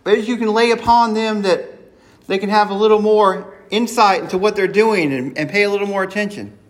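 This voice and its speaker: A man with a notably high voice delivers an earnest sermon. He keeps it conversational and slips into sample prayers as if talking straight to God. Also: fairly quick. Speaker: preacher.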